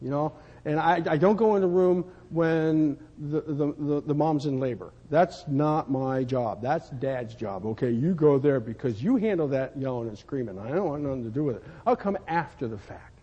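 High-voiced husky man preaching in a hall. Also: animated, normal speed, hardly any pauses, mellow. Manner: folksy storytelling, repeats words, rises to fervent emphasis. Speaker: pastor. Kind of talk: sermon. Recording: dull sound, long hall reverb.

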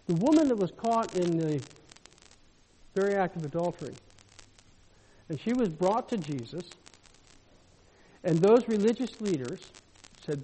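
Husky-voiced male preacher in an echoey hall. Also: high voice, expressive, unhurried, pauses often. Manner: swings from loud shouted preaching to soft intimate storytelling. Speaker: pastor. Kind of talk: sermon. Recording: echoey hall with long reverb.

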